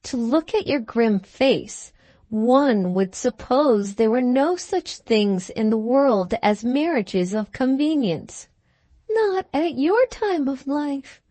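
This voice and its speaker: A woman voicing a prim, disapproving older society lady who speaks in shrill, bitter tones. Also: animated, takes it slowly, warm tone, dry recording, exaggerated voice. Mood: indignant.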